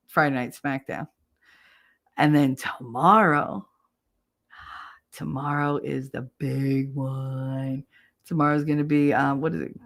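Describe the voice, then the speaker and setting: A woman from New Jersey hosting a casual livestream, chatty and animated, laughing often and jumping into loud high yelling when she acts out a scene. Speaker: livestream host.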